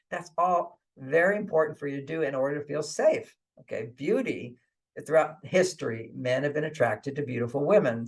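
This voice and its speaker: A guest author on an interview show gives relationship advice conversationally, chuckling often, repeating his points with "okay," and acting out inner voices in quotes. His voice is gravelly and on the high side.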